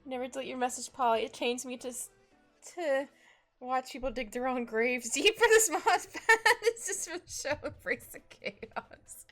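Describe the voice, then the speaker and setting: A woman's voice: high voice, moderate pace, fairly bright tone. A young woman art streamer chatting casually and giggling while she draws. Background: faint background music.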